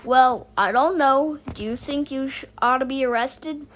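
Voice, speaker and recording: A calm policeman, as a woman reads him aloud, questions a boy in a measured, even way. His high voice comes from a storybook reading.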